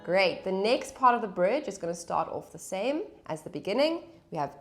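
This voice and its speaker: A woman gives a guitar lesson over acoustic guitar playing, patiently calling out chords and counting the beats aloud as she strums. Her medium-pitched voice swings widely in pitch and keeps a moderate pace.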